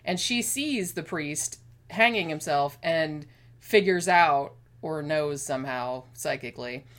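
Woman, podcast co-host, relaxed chatty film talk, animated delivery, slightly low pitch. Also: unhurried. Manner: chatty, animated, laughs often. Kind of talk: casual film discussion.

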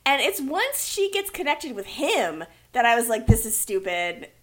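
A woman co-hosting a casual movie review chat, animated and exasperated, laughing often. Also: sits high, moderate pace. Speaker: podcast co-host.

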